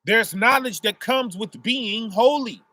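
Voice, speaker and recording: In a casual street sermon, a preacher with a fairly high voice talks a little slowly and with a sharp edge, stopping after nearly every phrase for a "right?" His points come through homely family examples, and the recording is dry and close.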